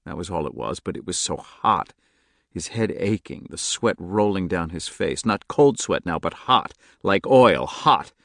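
A man narrating a novel in a steady, measured audiobook reading, close to the mic. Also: sits low, vocal fry, no echo. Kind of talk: scripted narration.

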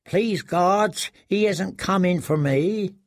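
A man's voice: high voice, takes it slowly, no echo, clean studio sound, pitched above the performer's own voice. A man voicing a starved, broken male prisoner who pleads in a thin, weak, quavering voice, stammering and repeating himself. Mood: terrified pleading. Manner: desperate pleading, stammering repetitions.

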